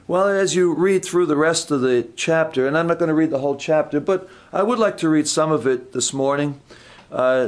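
A man preaching an informal, conversational sermon, asking the congregation questions, repeating words and correcting himself. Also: medium pitch.

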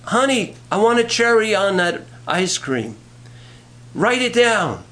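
Male preacher doing an insistent older wife, high and bossy, in a told joke. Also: very animated, moderate pace, fairly bright tone, heavily acted. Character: elderly forgetful wife, fussy and insistent.

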